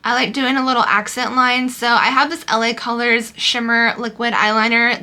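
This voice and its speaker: A woman's voice: on the high side, little pitch movement, normal speed, pushed and bright. A young woman chatting casually through a makeup tutorial, loose and full of fillers. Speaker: beauty vlogger.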